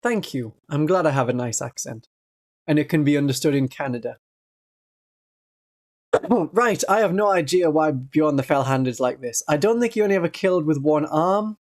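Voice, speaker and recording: A streamer from northeast England with a Northeast English accent, chatting casually on a livestream in a gentle voice and laughing often. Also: medium pitch, lively intonation, normal speed.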